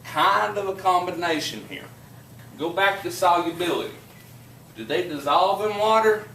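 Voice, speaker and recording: A man's voice: high voice, expressive, normal speed, fairly bright tone, roomy sound, far from the mic, a little hiss or hum, low-quality recording. A man with a southern West Virginia accent, a chemistry teacher telling rambling, folksy stories to his class and lecturing. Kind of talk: casual classroom storytelling and lecture.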